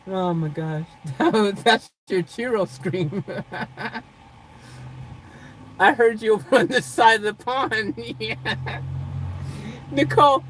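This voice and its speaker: With a voice on the high side and lively intonation, a woman speaks very slowly and pauses often; the recording is rough, with slight background noise. She's live-streaming from a parked car, reading chat, chatting loosely with viewers by name, laughing often, rambling, and saying "freaking" a lot.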